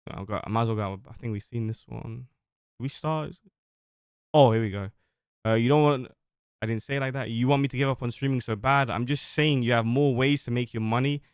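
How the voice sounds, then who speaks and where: Guy streaming, reading texts out loud, blunt and sweary, smooth clear voice, dry close sound. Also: mid-range voice, fairly quick, no room sound. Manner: casual, blunt, swears freely, thinks aloud. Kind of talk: livestream commentary reading out text messages.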